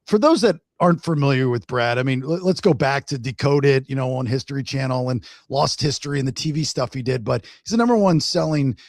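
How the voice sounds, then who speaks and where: A man's voice: mid-range voice, brisk, hardly any pauses, no room sound, studio quality. A man hosting a podcast who introduces his guest and asks loose, rambling questions. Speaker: podcast host. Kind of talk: casual interview chat.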